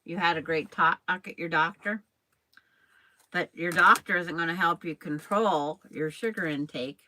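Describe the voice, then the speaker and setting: Slow, chatty older woman quilter. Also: fairly low pitch, sharp tone, dry recording, low-quality recording. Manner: rambling, chatty, addresses viewers by name. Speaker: quilting channel host. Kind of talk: casual chat while sewing on a live stream.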